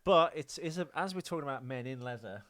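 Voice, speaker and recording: A man's voice: medium pitch, animated, quick pace, fairly bright tone, no room sound. A man hosting a podcast in a studio on a professional mic, chatting in a joking, rambling way with restarts. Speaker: podcast host. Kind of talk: casual podcast chat. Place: studio with a sound desk.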